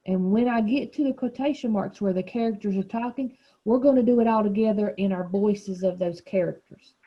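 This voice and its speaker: A woman's voice: mid-range voice, fairly quick, highs cut off. A woman teacher leading a reading lesson for young children, explaining patiently and encouraging them.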